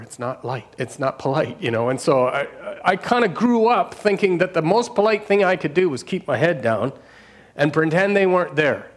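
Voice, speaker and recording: A middle-aged man, a pastor telling his own story in an earnest, unscripted way, laughing often and restarting his sentences. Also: on the high side. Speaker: pastor and street outreach worker. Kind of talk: personal testimony.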